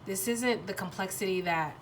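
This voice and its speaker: Halting woman giving a tarot reading. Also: mid-range voice, slight background noise. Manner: halting, restarts often, searching for words; blunt, swears freely. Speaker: tarot reader. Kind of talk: pick-a-card tarot reading, thinking aloud.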